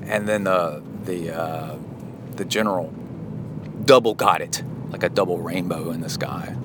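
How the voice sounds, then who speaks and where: A podcast host with a low voice talks alone in his car, road noise in the background. Unhurried, he rambles casually and reflectively.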